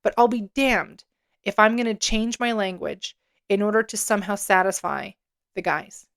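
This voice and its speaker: A woman hosting her own podcast in an unscripted solo monologue. Her voice sits at a mid-range pitch. She speaks candidly and with emphasis, swears freely and often laughs mid-sentence. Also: fairly bright tone. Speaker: podcast host.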